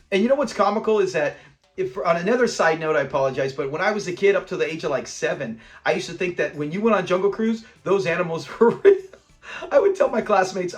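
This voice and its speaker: Guy doing a casual episode review, rambly, side notes everywhere, acts out lines, highish voice. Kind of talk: casual chat.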